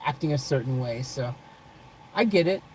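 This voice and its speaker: A woman's voice: very deep voice, animated, normal speed, darkish tone, slight background noise, rough recording. A woman vlogging live from her car, chatting loosely with viewers by name, laughing often and rambling. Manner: loose, rambling, says "freaking" a lot. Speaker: vlogger reading live chat. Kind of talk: casual live-stream chat. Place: parked car.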